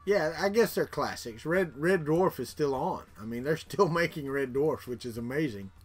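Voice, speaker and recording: A man's voice: fairly high pitch, expressive, moderate pace, faint music behind. A middle-aged man from Florida with a Southern accent, chatting casually with live viewers in a rambling way, repeating words and chuckling. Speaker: livestream host.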